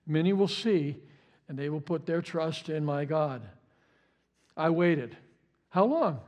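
A man's voice: fairly high pitch, lively intonation, a little slow, a little mellow. A male pastor preaching a sermon with passion, often repeating words and stumbling over restarts.

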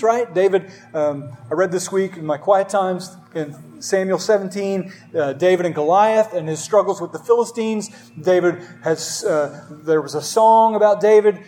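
Guy preaching in church, high voice, punchy and chatty, lots of questions to the room. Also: a little mellow. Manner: emphatic, conversational preaching with rhetorical questions. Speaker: pastor. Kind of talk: sermon.

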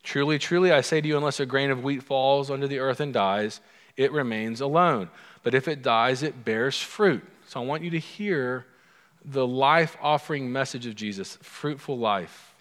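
A man's voice: mid-range voice, moderate pace, fairly bright tone. A man preaching a sermon as pastor, in a conversational, humorous storytelling manner. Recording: long hall reverb.

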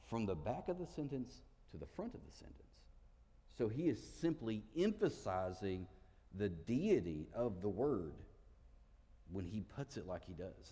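A man's voice: lowish voice, mellow, big-room sound. A man preaching a sermon, teaching with emphatic stresses and playful asides.

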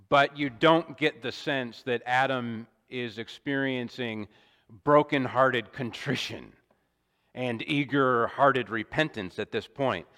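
A man preaching an expository sermon in a measured, deliberate way, with emphatic rises and small restarts. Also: medium pitch, sharp tone. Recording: long hall reverb.

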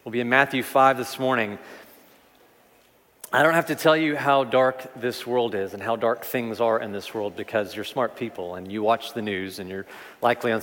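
Animated man preaching in a reverberant hall. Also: mid-range voice. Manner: conversational, animated preaching with repetitions. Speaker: pastor. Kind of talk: sermon. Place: church sanctuary. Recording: long reverb of a large hall.

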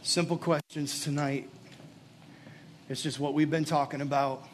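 Earnest pastor with a higher voice. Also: male voice, level tone, a little slow, a little hiss or hum. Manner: earnest, pleading, drops to soft intimate tones. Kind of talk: sermon with altar call and prayer. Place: church or youth gathering, live.

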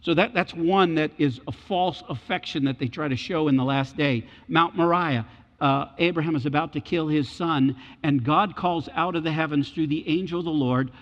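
Speaking at a normal pace in a fairly high voice, this preacher delivers his sermon with drama, performing biblical voices. It was recorded in an echoey hall with dull, lo-fi audio.

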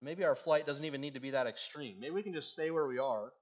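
Man preaching, rising then hushed. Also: a little high, fast. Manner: earnest preaching, swinging between loud emphasis and hushed endings. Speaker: pastor. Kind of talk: sermon.

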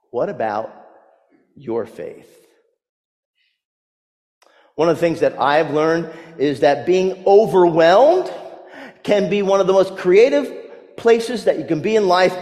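A man preaching a sermon, telling stories and swinging from loud to hushed delivery. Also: fairly high pitch, in a large hall. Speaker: pastor.

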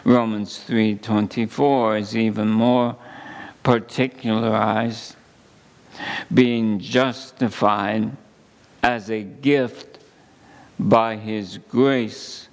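Male pastor, sermon delivery, very slow, gravelly texture, deliberate and emphatic. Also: fairly low pitch. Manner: slow, deliberate scripture reading with emphatic pauses.

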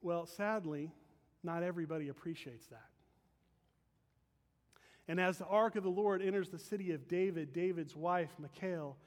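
Pastor, male, high-pitched voice, earnest emphatic sermon delivery, church sanctuary with long reverb. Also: moderate pace, long pauses. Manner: earnest, emphatic preaching with asides to the congregation. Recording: long reverb of a large hall.

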